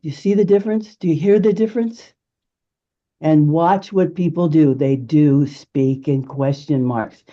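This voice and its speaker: A woman giving a lively, emphatic networking pitch as a presentation skills coach, laughing often. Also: measured pace, dull audio.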